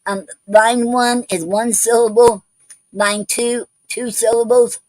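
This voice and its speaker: A woman's voice: a little high, steady tone, slow, darkish tone, dry recording, poor audio. A woman hosting an online poetry show, talking casually with many ums, restarts and repeated okays.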